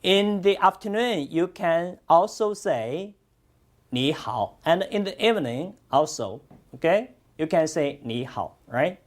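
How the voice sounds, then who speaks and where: Language teacher, native Chinese speaker, unhurried careful delivery, mid pitch, lots of encouragement, classroom. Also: animated. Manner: slow, encouraging, repeats lots of praise. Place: classroom with students.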